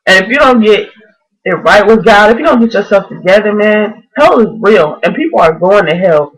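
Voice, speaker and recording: A woman's voice: mid-range voice, lively intonation, normal speed, slightly rough, rough recording. A woman in her twenties speaks straight to her camera in a vlog. She preaches earnestly and with fervent conviction, pressing every point home. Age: 20s. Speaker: vlogger.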